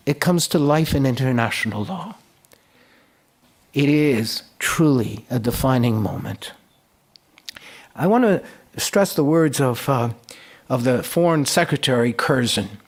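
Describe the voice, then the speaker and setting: A middle-aged man lectures at a conference in a voice pitched a little above the usual for a man. He recounts history as a story, and often stops to restart a phrase or fill a pause. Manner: storytelling, recounting historical debates and quoting speakers in lively voices; frequent fillers and restarts.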